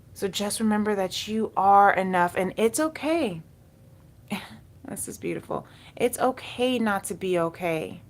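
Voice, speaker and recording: A woman giving a spiritual tarot reading, speaking in a soothing, encouraging way and repeating key words. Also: mid-range voice. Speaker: tarot reader.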